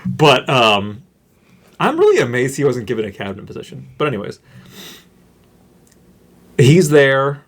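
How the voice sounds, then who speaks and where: A young man co-hosts a casual podcast, ranting and mocking as he goes. His pitch swings widely around a middle register, rising and falling with every point he makes. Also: measured pace, pauses often. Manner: animated, ranting, mocking voices in quotes. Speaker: podcast co-host. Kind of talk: casual chat.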